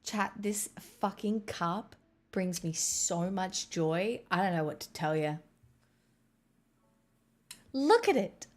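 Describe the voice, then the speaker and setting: A woman's voice: mid-range voice, expressive, slow, long pauses, a little mellow. A young woman chatting casually on a live stream, rambling and swearing with exasperated asides. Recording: faint music behind.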